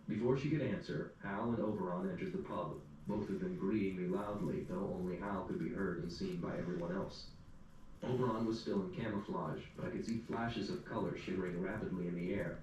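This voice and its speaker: Low-voiced man narrating in an echoey room. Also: brisk, a little mellow. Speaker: audiobook narrator. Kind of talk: first-person story narration. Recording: echoey room, distant mic, faint hum.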